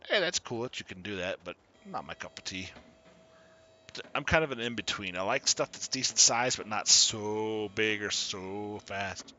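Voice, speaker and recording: A man giving casual commentary while streaming a farming game, chatty and quick to laugh as he greets his viewers. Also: on the low side, bright, forceful tone, dull audio, slight background noise. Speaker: gaming streamer.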